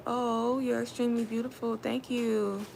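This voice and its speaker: A woman's voice: on the high side, little pitch movement, normal speed, vocal fry, darkish tone, a little hiss or hum. Give me a chatty woman, live-streaming casually from home. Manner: chatty, addresses viewers as y'all.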